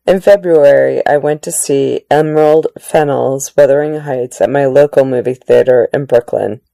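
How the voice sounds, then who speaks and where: A woman narrating magazine articles aloud in a measured, plain reading style with occasional restarts. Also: very deep voice, vocal fry, warm tone, no echo.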